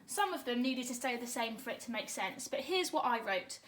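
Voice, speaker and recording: A fairly high-voiced woman teaching an online grammar lesson to young children. She sounds upbeat and encouraging, and she slows right down to spell words out letter by letter. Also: lively intonation, a bit bright, slight background noise. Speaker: primary school teacher.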